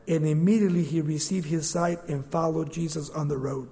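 A man preaching a sermon as the pastor, animated and conversational, acting out the figures in quick asides. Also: on the high side. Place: church. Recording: long reverb of a church hall.

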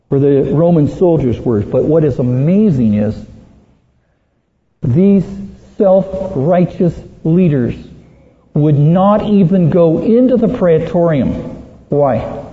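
High-voiced preacher in an echoey hall. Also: male voice, expressive, measured pace. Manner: earnest, emphatic, dramatizes Bible quotes. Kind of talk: sermon. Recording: tinny phone-like sound in an echoey hall.

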